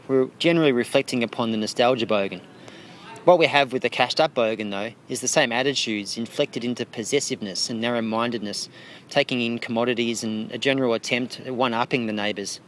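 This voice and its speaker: An Australian man talking through interview answers about his art, his delivery dry and wry. His voice sits at an ordinary middle pitch, and a faint hiss of noise runs under the recording. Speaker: interviewed artist.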